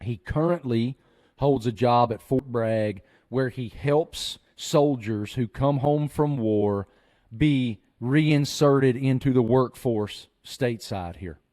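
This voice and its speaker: A man hosting a podcast, telling a story in an earnest, animated way. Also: mid-range voice, takes it slowly. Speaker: podcast host. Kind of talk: storytelling chat.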